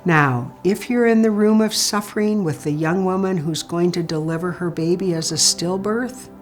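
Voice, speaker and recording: A woman giving an instructional talk on supporting grieving people, speaking in a calm, gentle and measured way. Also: fairly low pitch, faint music behind. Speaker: grief support educator.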